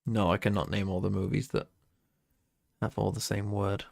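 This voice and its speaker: A man's voice: on the low side, flat delivery, normal speed, creaky, dry recording, clean studio sound. A man with a Black Country accent from England, hosting a watch party in casual, blunt, joking chat full of swearing. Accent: Black Country English.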